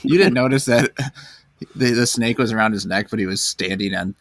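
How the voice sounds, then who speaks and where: A man's voice: on the low side, fairly quick, fairly bright tone, dry recording. A man co-hosting a podcast, playful and fond of spinning up joke scenarios. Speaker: podcast co-host. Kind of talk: casual chat.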